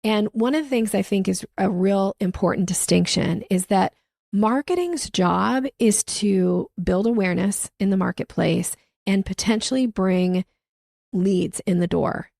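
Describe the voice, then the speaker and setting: An animated woman sales coach explains her ideas in conversation and acts out the lines she quotes. Her voice has a gravelly, creaky texture. The sound is dry and close. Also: medium pitch, unhurried, no room sound. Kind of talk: conversational interview answers.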